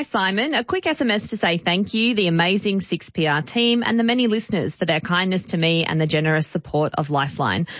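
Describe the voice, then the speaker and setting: Low-voiced Australian woman, newsreader-style reading. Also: no echo, lo-fi sound. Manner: calm, measured newsreader-style delivery. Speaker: radio show team member. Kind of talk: reading a listener's text on air. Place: radio studio.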